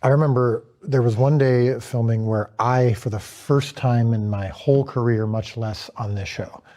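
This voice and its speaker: A man's voice: medium pitch, fairly even intonation, moderate pace, warm tone. A man, the director of a series, telling a candid story in a panel conversation and acting out his own reactions.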